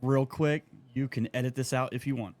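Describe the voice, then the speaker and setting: A podcast co-host with a medium-pitched voice talks fairly quickly in a casual chat. He rants and swears, riffing off onto animated tangents.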